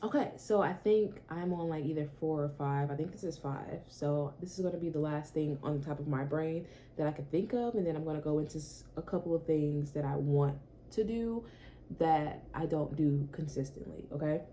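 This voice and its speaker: A woman's voice: low-pitched, moderate pace, mellow, slight background noise. A young woman chatting casually to camera in her small apartment, repeating herself and swearing now and then. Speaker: vlogger.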